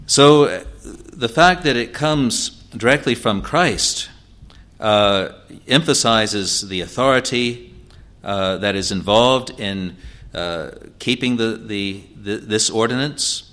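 Bright-voiced man preaching a sermon. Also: fairly low pitch. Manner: measured teaching with frequent filler pauses and restarts. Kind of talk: expository sermon.

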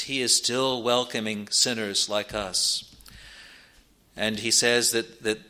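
A man preaching a sermon, earnest, rising in pitch and force when he quotes scripture. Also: sharp tone.

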